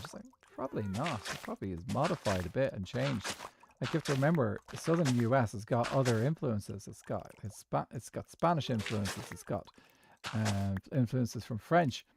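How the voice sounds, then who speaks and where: A man's voice: mid-range voice, lively intonation, moderate pace, gravelly, noisy background. A man chatting casually and rambling through his opinions while streaming a game. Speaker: gaming streamer. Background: background music.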